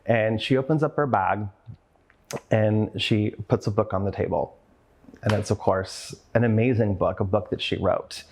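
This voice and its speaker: A man's voice: fairly low pitch, moderate pace, darkish tone. A man giving a motivational talk as a conference speaker, telling a personal story earnestly and with open emotion, and acting out the voices of the people in it. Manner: earnest, openly emotional, acts out the voices in his stories.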